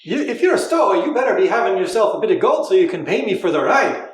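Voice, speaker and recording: A man voicing a loud, gruff older boat captain with a put-on Irish accent. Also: high voice, sing-song, fast, reverberant, voice pushed up. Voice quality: gruff, exaggerated brogue.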